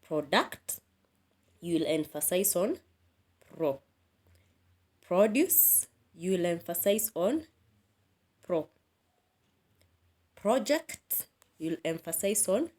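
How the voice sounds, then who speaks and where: A woman teaching an English lesson, explaining word stress and repeating example words slowly. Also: fairly low pitch, a little mellow. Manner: slow, repeats key words and drills them aloud.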